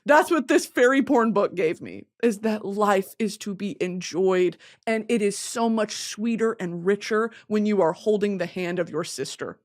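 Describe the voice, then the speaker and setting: A woman's voice: medium pitch, expressive, unhurried. A young woman host in casual chat about a book, candid and emotional, swearing freely.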